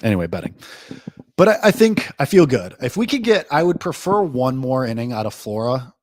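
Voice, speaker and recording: A man hosting a live sports betting reaction show, talking loosely and rambling, full of "like", with excitable jumps and low asides. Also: fairly quick, no echo. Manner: rambling, loose, heavy use of "like"; excitable swings between lively and low asides. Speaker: host.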